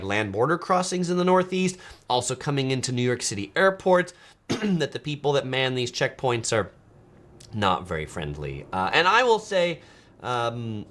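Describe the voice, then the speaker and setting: A man's voice: mid-range voice, a bit bright. A man hosting a casual live stream, reading viewer comments aloud and chatting, often slipping into playful mock voices. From United States.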